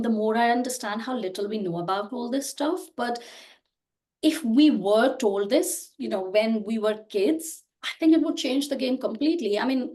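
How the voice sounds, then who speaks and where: A woman in her thirties with a fairly high voice talks as a podcast guest. She explains earnestly and casually, circling back with "you know" and restarting her sentences as she goes. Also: darkish tone. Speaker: podcast guest, personal growth creator.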